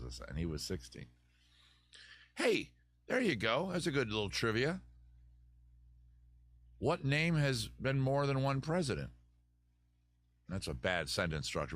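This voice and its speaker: A man with a lowish voice hosts a live advice stream from a home room with a fire, captured in a dry recording. He rambles through questions from chat, offering jokey, digressive mock advice.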